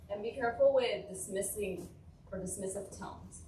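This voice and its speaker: A woman's voice: medium pitch, normal speed, a little mellow. A woman family therapist giving an interactive workshop, talking conversationally and checking in with her listeners. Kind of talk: interactive talk to a group. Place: church hall. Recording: echoey room, distant mic, faint noise.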